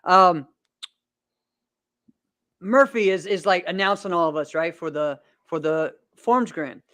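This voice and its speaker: With a high, somewhat bright voice, a man in his thirties takes it slowly while hosting a podcast. He's also a martial arts competitor, and his casual talk is upbeat and rambling, full of fillers and laughter. The studio sound is clean, with no echo.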